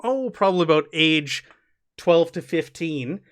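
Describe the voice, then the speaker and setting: A man's voice: on the high side, animated, a little slow. A man narrating as game master of a tabletop game, describing scenes loosely with many fillers.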